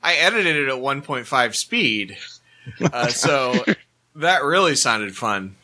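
A man's voice: mid-range voice, very animated, slow, over a noisy crowd. A man co-hosting a podcast in a casual chat, rambling and often correcting himself mid-sentence.

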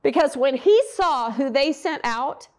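A woman with a high voice preaches a Bible lesson in a relaxed, conversational way. She is animated and often puts questions to her listeners. She slips into quoted voices as she tells the story. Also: measured pace. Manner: animated, acts out quotes and asks the audience questions. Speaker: bible teacher. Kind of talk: conversational sermon.

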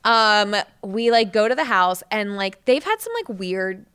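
Podcast guest, woman, tipsy storyteller, lively pitch, plays out the quotes. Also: measured pace, clean tone. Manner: animated, laughing, acts out quotes. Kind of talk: casual storytelling.

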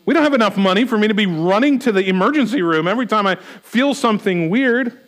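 A middle-aged male pastor with a noticeably high voice delivers a sermon. He speaks earnestly and voices anxious rhetorical questions as though thinking them aloud. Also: animated, fast talker, fairly bright tone.

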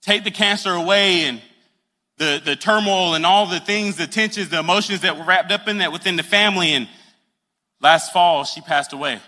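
A man's voice: high voice, moderate pace, bright, forceful tone, in a large hall. A man preaching a sermon in a conversational, earnest way, acting out the scenes he describes. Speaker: pastor.

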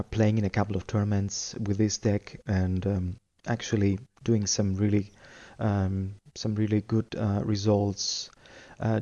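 A man's voice: lowish voice, dark tone, highs cut off. A man talking as a podcast guest in a casual chat, hesitant and full of fillers.

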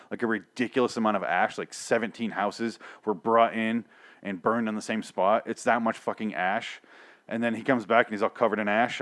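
A man rambling through a sarcastic, profane recap of a TV episode, acting out the characters' lines along the way. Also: lowish voice. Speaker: podcast host recapping a TV show. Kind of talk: casual profane recap monologue.

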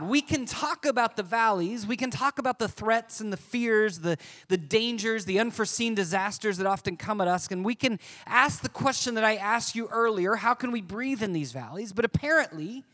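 High-voiced man preaching emphatically. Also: moderate pace. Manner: animated, emphatic, addresses congregation. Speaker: pastor. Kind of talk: sermon.

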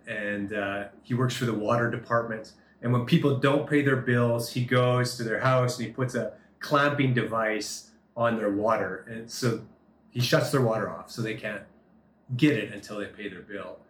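A man's voice: mid-range voice, a bit bright, reverberant, a little hiss or hum. A man preaching a sermon, telling a story with earnest emphasis and acted-out dialogue. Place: Turkey.

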